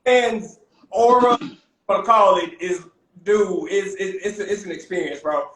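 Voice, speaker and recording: Animated young chef telling stories. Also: male voice, high-pitched, measured pace. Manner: animated, peppers talk with "man" and "bro". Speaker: guest private chef. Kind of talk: casual storytelling. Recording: roomy echo.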